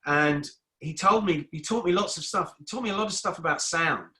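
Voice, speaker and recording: A man's voice: fairly high pitch, a little fast, pushed and bright. A middle-aged man talking as a guest in a casual interview, rambling and repeating words as he restarts his sentences. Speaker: guest musician.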